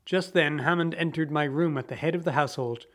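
Theatrical man narrating a story, a touch high. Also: brisk, fairly bright tone. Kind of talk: dramatic audiobook narration.

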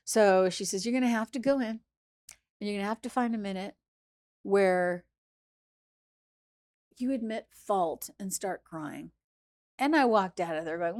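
A woman chef, a guest in an interview, tells a story with a voice of middling pitch. She keeps slipping into the voices of the people she quotes and moves between hushed asides and loud outbursts. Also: measured pace, long pauses. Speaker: chef and restaurant founder, guest.

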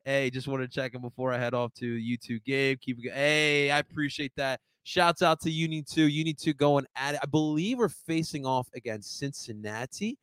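A young man hosting a livestream sports talk show, excitable and swearing, getting fired up. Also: mid-range voice, moderate pace, few pauses, clear, resonant tone, dry recording. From first-generation American.

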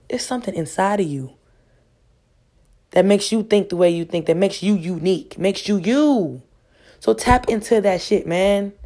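A woman speaking delivers a casual motivational monologue. She is emphatic and profane, circling back to the same phrases again and again to press them home. Her voice sits at an ordinary middle pitch. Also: a little mellow, breathy edge. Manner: profane, emphatic and preachy, with much repetition. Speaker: vlogger.

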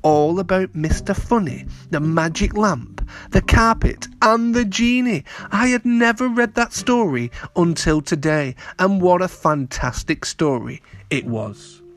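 A man's voice: high-pitched, measured pace, few pauses. A man reading a children's audio story aloud, playful and talking to the kids directly. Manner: animated, playful, addresses children.

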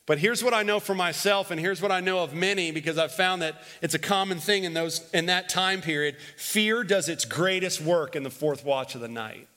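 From the pulpit, a pastor's high, bright voice rings through the sanctuary's long reverb as he preaches at a moderate pace with hardly any pauses. He repeats phrases for emphasis, alternates loud declarations with hushed moments, and leads the congregation in repeating lines back to him.

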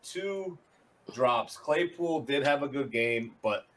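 A man hosting a casual sports show in a mid-pitched voice, walking through plays step by step. He stumbles over repeated words and swears casually. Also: lively intonation, takes it slowly, slight background noise. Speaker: host.

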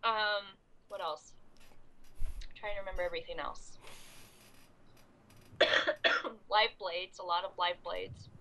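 A woman's voice: on the low side, fairly even intonation, slow, gravelly, pauses often, bright, forceful tone, low-quality recording. A young adult woman with a cold and coughing fits, recapping a convention in a rambling, casual podcast chat full of ums and restarts. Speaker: convention goer recapping the event.

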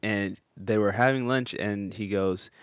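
A man's voice: lowish voice, fairly even intonation, clean tone, dry recording, studio quality. A young man in casual, profane, joking conversation, teasing his co-host. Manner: joking, profane, quick to tease. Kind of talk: casual chat.

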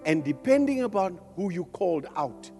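A man with a strikingly high voice preaches with fire, climbing into shouts and throwing jokes at the crowd. His words ring out in the long reverb of a large hall, with soft music playing behind. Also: sing-song, moderate pace, gravelly. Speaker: preacher at a men's conference. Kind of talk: fervent sermon.

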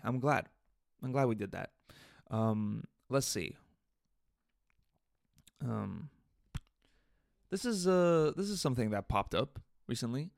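A man hosting a casual solo podcast, telling a story in an animated, venting way with swearing. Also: mid-range voice, creaky, no room sound, clean studio sound. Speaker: podcast host. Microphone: USB interface podcast mic.

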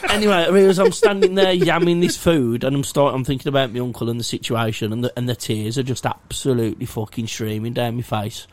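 A man's voice: mid-range voice, very animated, fast, few pauses, no room sound. A young man, rambling through a sweary, self-mocking story in casual chat. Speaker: podcast co-host.

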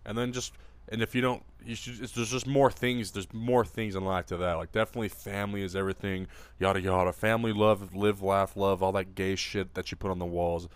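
A man's voice: low-pitched, flat delivery, brisk, smooth, no room sound. A man co-hosting a podcast in casual chat, rambling and swearing freely and acting out voices in the stories he tells. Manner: rambling, profane, acts out quoted voices. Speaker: podcast co-host.

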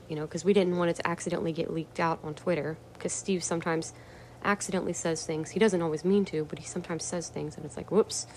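A woman's voice: on the low side, a little mellow, a little hiss or hum. A woman host telling a personal story in a casual, rambling way, swearing freely and filling gaps with "you know". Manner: rambling, frank, swears freely, many fillers. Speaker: podcast host.

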